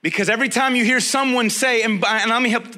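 A man's voice: very high voice, steady tone, quick pace, sharp tone. A man preaching a sermon as a pastor, talking straight to his listeners in a conversational way and driving points home with repetition.

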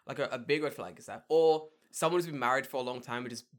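A man's voice: mid-range voice, quick pace. A man in casual podcast chat, telling stories with lots of swearing and mocking voices. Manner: swearing, animated storytelling with mocking put-on voices.

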